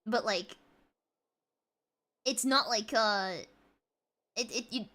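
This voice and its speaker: A woman's voice: fairly high pitch, slow, sharp tone. A woman with a British accent commenting on a game in a casual live stream, gushing, giggly and trailing off mid-sentence.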